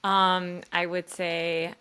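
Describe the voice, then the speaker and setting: A woman's voice: lowish voice, level tone, drawn-out words, pushed and bright, clear, resonant tone. A woman guest on a podcast, a spiritual guide and coach, talking earnestly in loose, run-on reflective thoughts full of fillers. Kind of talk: reflective conversation.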